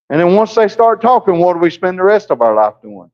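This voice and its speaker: A man's voice: high voice, sing-song, brisk, few pauses, a little mellow. A male pastor preaching a sermon in a church, folksy and down-home, with plain asides to the congregation. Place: church sanctuary. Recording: muffled lo-fi church recording.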